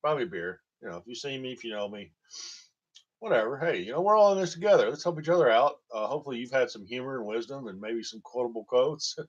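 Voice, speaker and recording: A man's voice: medium pitch, expressive, fast talker. Rambling joking man. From Tennessee, USA. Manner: joking, rambling, laughs at own jokes. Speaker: storytelling vlogger. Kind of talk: rambling comic storytelling. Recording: dull lo-fi recording.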